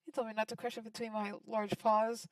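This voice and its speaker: A woman voicing a large, gentle man who is grieving, speaking softly and quietly. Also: on the high side, little pitch movement, brisk, no room sound, far from the mic, close to an everyday voice, low-quality recording. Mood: sad.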